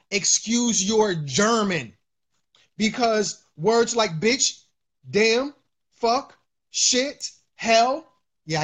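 A man's voice: sits high, a bit bright, breathy edge. A man hosting a casual livestream, preaching in a loose way, with many fillers and repeated lines. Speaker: livestream host.

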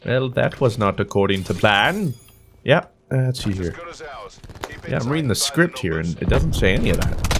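Lively young man joking through gameplay. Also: mid-range voice, normal speed. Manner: playful, jokey trash talk, animated outbursts. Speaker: gaming YouTuber. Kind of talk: live gameplay commentary. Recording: game audio with gunfire and music behind.

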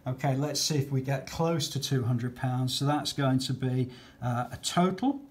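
A man's voice: mid-range voice, moderate pace. A man talking through maths exam questions in a patient, chatty way, often checking in with "okay". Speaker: maths teacher.

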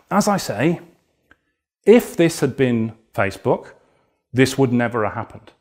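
A man's voice: medium pitch, big pitch swings, takes it slowly, darkish tone. A man hosting a solo podcast, ranting in an exasperated, indignant way and swearing freely. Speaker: podcast host.

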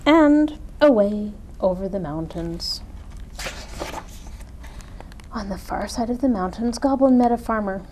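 A woman reading a children's picture book aloud with expressive delivery. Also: mid-range voice, moderate pace, a little hiss or hum, rough recording. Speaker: story reader. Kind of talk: children's storytime read-aloud.

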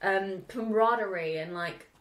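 A woman's voice: medium pitch, normal speed, a bit bright, echoey room, poor audio. Gushing woman hosting a film podcast. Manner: gushing, giggly, acts out scenes. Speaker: podcast host. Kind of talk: casual film chat.

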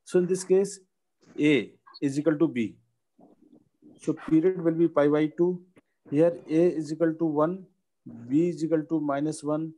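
A man, teaching a maths lesson and dictating each step slowly. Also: a little high, fairly even intonation, warm tone, poor audio.

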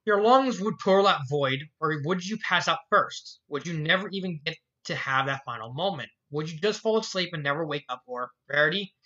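Amateur fanfic reader, stumbles a lot, swears at the text sometimes, bright tone, muffled mic. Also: mid-range voice, lively intonation, moderate pace, few pauses. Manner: stumbles and restarts, laughs and swears in asides. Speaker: fan fiction reader. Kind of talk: amateur fan fiction reading.

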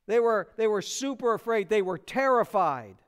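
Male American pastor, high, clear voice; earnest expository sermon. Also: lively intonation, moderate pace. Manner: earnest expository preaching, acting out quotes.

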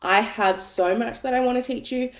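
A woman in her thirties, tired and a bit husky from an early start, hosting a live money masterclass from home on her phone in a chatty, self-deprecating way with plenty of swearing. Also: on the high side, moderate pace, echoey room. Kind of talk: casual livestream teaching. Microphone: phone on a tripod.

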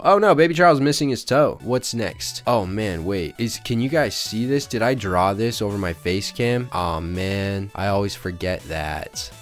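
A man who says he is sick, rambling and joking to his viewers as he draws a cartoon family in casual commentary. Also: lowish voice. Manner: rambling, jokey, talks to chat. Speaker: YouTube drawing creator.

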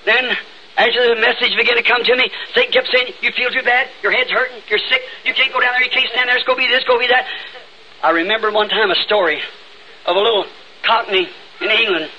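Fervent high-voiced Southern preacher on old tape. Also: male voice, steady tone, fast talker. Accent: Southern United States. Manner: fervent, rising to sudden shouts. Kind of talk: old-time revival sermon. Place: church sanctuary. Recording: dull lo-fi 1960s tape with faint hiss.

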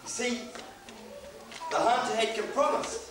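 A man's voice: extremely high pitch, expressive, slow pace. A man with a New Zealand accent preaching a sermon in a church, conversational and joking now and then. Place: church hall. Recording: echoey hall, distant mic, faint hiss.

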